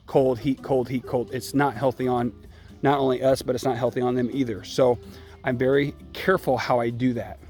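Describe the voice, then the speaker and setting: A man working as a dog trainer, explaining step by step in a relaxed, unscripted way and often stopping with a checking "okay?". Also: medium pitch. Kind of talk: casual filmed training demonstration. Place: outdoors by a puppy pen.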